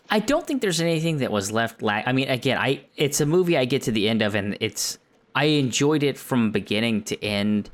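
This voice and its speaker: A man talking casually about a film on a podcast, rambling with lots of fillers and getting animated when excited. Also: mid-range voice. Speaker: podcast co-host.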